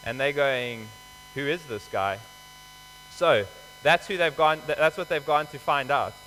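A man's voice: a little high, normal speed, bright, forceful tone. A man preaching a sermon, explaining scripture in a conversational, emphatic way. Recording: hall reverb with faint mains hum.

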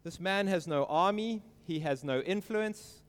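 A man preaching an earnest sermon, stressing quoted lines slowly and emphatically. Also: high-pitched, big-room sound.

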